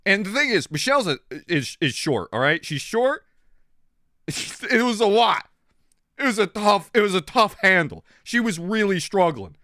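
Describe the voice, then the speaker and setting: A man streaming and chatting casually with his audience, rambling and animated, coughing now and then. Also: high voice, normal speed, no echo, clean studio sound.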